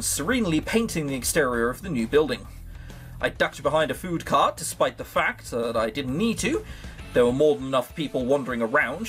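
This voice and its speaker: Animated man joking through a game. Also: a little high. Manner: sarcastic, swears casually, jokes to himself. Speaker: let's play host. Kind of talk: reading a visual novel aloud with joking commentary.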